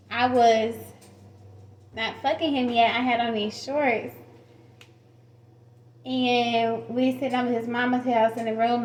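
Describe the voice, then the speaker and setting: A woman's voice: fairly high pitch, dull audio, slight background noise. A woman telling a personal story to camera in a casual, frank and profane way, laughing often. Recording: roomy echo.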